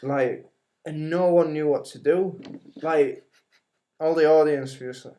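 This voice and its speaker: A young man co-hosts a casual podcast from home on a webcam microphone, telling a long, rambling story packed with "like" and the occasional swear. His voice is fairly high, unhurried, and dark in tone.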